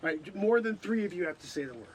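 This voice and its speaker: Hoarse guy doing improv comedy, high voice jumping all over, fake outrage then mumbling. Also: expressive, quick pace, slight background noise. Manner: mock-outraged, swings between shouting rants and muttering. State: hoarse, losing his voice. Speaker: comedy streamer host.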